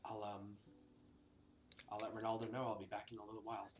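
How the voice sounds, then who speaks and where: A man's voice: fairly low pitch, flat delivery, quick pace, lightly acted. A man voicing a sleepy male bartender roused from bed, who mumbles and talks cautiously. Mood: teasing. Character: groggy just-woken male bartender. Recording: echoey room, faint hiss.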